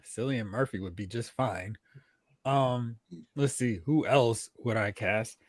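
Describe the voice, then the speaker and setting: A man chatting casually about a film with friends, giving opinions in relaxed banter. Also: medium pitch, slow, dry recording, studio quality. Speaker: co-host. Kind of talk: casual chat.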